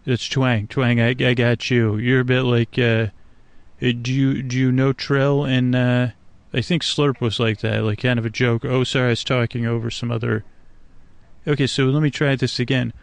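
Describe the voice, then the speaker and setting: A man with a gravelly, mid-pitched voice muses aloud to the creatures around a night swamp, stumbling through fillers and half-finished thoughts. His talk meanders without hurry, and the sound is close and dry. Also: flat delivery, moderate pace, dry recording. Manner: meandering, hesitant, full of restarts and fillers, talks to frogs. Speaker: sleep podcast host. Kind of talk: rambling improvised monologue to nature.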